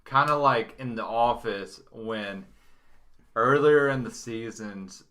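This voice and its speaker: A man's voice: medium pitch, takes it slowly, sharp tone. A man co-hosting a podcast in casual chat, mostly giving short responses and asking curious questions. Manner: brief backchannels and curious questions. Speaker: podcast co-host.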